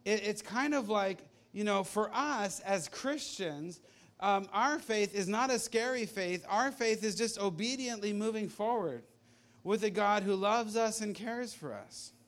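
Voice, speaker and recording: A man's voice: high voice, a little slow, fairly bright tone. A man preaching a sermon in a conversational, rambling way, full of asides and illustrations. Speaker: pastor.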